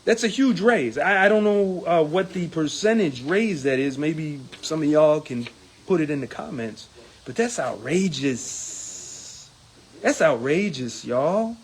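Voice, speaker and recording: A man's voice: expressive, a little slow, slightly rough. A man who sits on a union executive board reports back to members. He is hesitant over the numbers and grows indignant about salaries and being silenced. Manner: indignant, gets heated and rises in pitch when angry; hesitant with numbers, many ums and uhs. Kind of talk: casual report to viewers.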